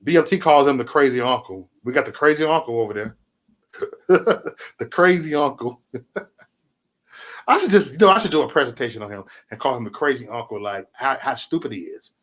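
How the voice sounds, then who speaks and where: A man's voice: mid-range voice, expressive, normal speed, a bit bright. A man hosting his own livestream, talking in a loose, profane, rambling way and telling stories with a lot of animation. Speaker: livestream host. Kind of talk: casual livestream rant.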